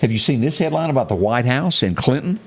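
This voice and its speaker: A man's voice: mid-range voice, lively intonation, fast talker, slightly rough. A man co-hosting a morning show, reading headlines in a folksy, chatty way with asides. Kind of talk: casual news chat.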